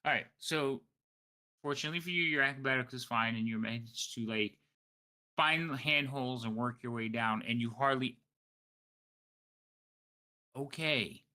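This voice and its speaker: A man's voice: medium pitch, a little slow, long pauses, sharp tone. A man narrating as game master, tired late at night, rambling and correcting himself as he goes.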